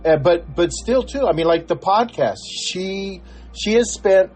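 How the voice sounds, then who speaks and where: An older man chatting in an interview, telling a story in loose, rambling sentences full of restarts and playing every voice in it. His voice sits somewhat high for a man. Faint music plays underneath. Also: animated, unhurried, darkish tone. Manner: rambling storyteller with many restarts, acts out dialogue. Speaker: podcast co-host. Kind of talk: casual interview chat.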